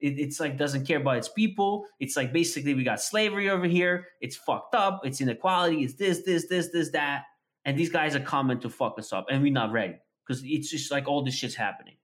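A man's voice: a little high, fairly quick. A man in casual podcast chat, telling a story with lots of swearing and acting out both sides of a conversation. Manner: profane, animated storytelling, acts out quoted conversations.

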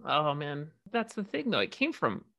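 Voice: medium pitch, very animated, moderate pace, gravelly, bright, forceful tone, dry recording, clean studio sound. A podcast co-host reacting and chatting casually, with supportive comments and trailing restarts. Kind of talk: casual chat.

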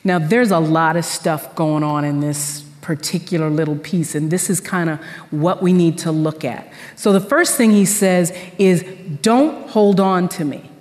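Animated woman preacher in a big hall. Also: low voice, normal speed. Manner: animated, conversational storytelling with slang. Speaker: pastor. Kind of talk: sermon.

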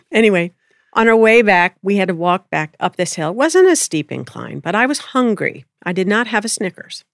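Gentle reflective woman, dry close sound. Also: medium pitch, big pitch swings, normal speed, no echo. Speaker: spiritual speaker. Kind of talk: casual storytelling chat.

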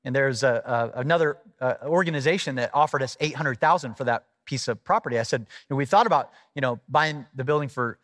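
A middle-aged man preaching a sermon, telling a personal story in a conversational, animated way and acting out the voices of the people in it. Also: mid-range voice, quick pace, hardly any pauses, no room sound, studio quality. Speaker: pastor.

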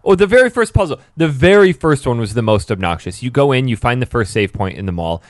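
A man's voice: medium pitch, a little fast, no room sound, studio quality. A man telling game stories in casual podcast chat. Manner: animated, storytelling. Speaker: podcast co-host.

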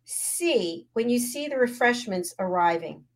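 A woman's voice: fairly high pitch, animated, measured pace. Friendly woman host asking questions. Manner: friendly, steering the conversation with questions. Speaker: talk show host. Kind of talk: casual chat show conversation.

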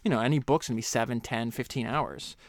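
A man's voice: medium pitch, dry recording. Man reading and commenting on a book, dry sound. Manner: reads quotes slower and louder, chats loosely with fillers and restarts. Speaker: podcast host. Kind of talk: casual book commentary with read-aloud passages.

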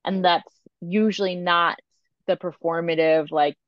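A woman in her thirties, a photographer and coach, talking candidly in an interview, animated and full of filler words. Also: lowish voice, measured pace, no echo, lo-fi sound. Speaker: podcast guest, photographer and coach.

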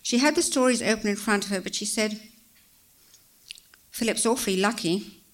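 A woman reading a story aloud as narrator, in a measured, expressive way. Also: medium pitch.

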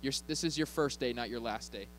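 A male pastor preaching in a church, talking to the congregation in a loose, conversational way and slipping in jokes. He keeps checking in with them as he goes, and his voice sits in an ordinary middle pitch. A faint hum runs underneath. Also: fairly quick, rough recording. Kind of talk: sermon.

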